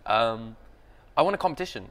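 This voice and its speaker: A man's voice: mid-range voice, expressive, fairly quick. A young man, an actor guest reflecting casually in an interview and laughing easily.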